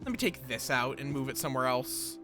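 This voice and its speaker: A man's voice: mid-range voice, lively intonation, fairly quick, over music. A tired man streaming a game, muttering to himself and thinking aloud as he plays. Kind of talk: casual gameplay commentary.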